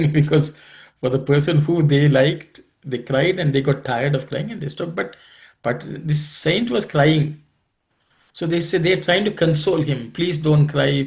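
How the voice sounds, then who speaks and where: A man leading a scripture study group on a video call, explaining and telling stories in an unhurried, thoughtful way with many pauses. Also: on the high side, creaky.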